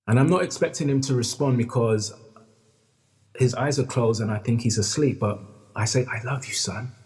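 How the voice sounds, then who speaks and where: A man's voice: medium pitch, moderate pace, a little mellow. Earnest man telling a story. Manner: earnest, repeats phrases, addresses host by name. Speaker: guest storyteller. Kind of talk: emotional personal storytelling. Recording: long hall reverb.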